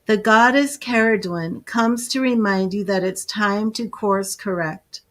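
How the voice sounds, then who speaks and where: A woman giving a live tarot reading, slowly invoking goddesses and reading card meanings aloud in a soothing way. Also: medium pitch. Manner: slow, soothing, invoking spirits. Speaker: tarot reader.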